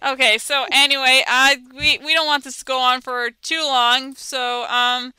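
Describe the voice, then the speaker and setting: A woman co-hosting a podcast in casual chat who giggles often and talks in halting stops and starts. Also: high-pitched, little pitch movement, pushed and bright, clear, resonant tone, dry recording. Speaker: podcast co-host.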